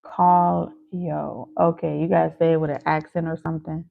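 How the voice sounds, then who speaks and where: Playful gravelly woman on a tinny line. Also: low voice, completely flat delivery, fast. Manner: playful, teasing, laughs easily. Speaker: tarot reader live-streaming to viewers. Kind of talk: casual live-stream chat. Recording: phone-like lo-fi audio.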